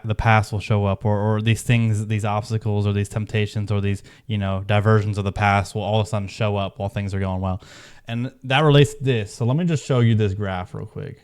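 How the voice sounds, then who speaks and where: A man's voice: mid-range voice, darkish tone. A man hosting his own video, talking casually and rambling with many restarts and fillers. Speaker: video host. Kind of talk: casual talk to camera.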